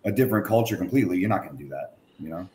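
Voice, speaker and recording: A man's voice: low voice, animated, very fast, warm tone. A man, a coach, chatting casually in a loose way, full of "like" and "you know.". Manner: loose, filler-heavy, lots of "like". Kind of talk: casual chat. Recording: roomy audio with faint background noise.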